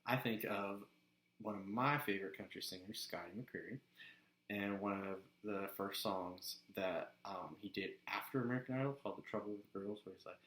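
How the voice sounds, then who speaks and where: A man casually sharing voice acting tips in a relaxed, chatty way. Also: on the low side, moderate pace, echoey room, poor audio. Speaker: voice actor giving tips. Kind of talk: casual instructional vlog.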